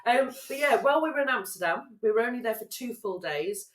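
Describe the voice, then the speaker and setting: A woman's voice: on the high side, lively intonation, a little fast. A young woman co-hosting a podcast, telling travel stories and teasing her friend. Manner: teasing storyteller, sweary. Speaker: podcast co-host. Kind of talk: casual chat. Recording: echoey room.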